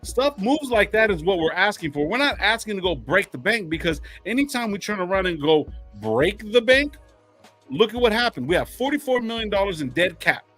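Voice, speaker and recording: A man with a high-pitched voice talks sports in a loose, rambling way. He works through figures out loud and swears now and then. Faint music plays under the talk. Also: very animated, a little fast. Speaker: podcast co-host.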